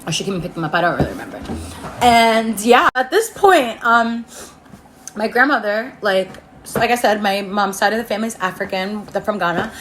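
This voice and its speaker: A woman's voice: medium pitch, lively intonation, a little fast, fairly bright tone, slight background noise. A young woman telling a casual story on her phone camera, rambling, laughing, and saying "like" a lot. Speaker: storytime vlogger. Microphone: iPhone.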